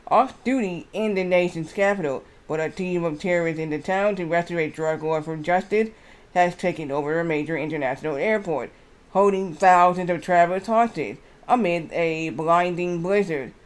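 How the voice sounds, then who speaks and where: A man streaming live, chatting casually and reading aloud haltingly with lots of fillers. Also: sits high, clear, resonant tone. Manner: rambling, reads aloud haltingly with many fillers.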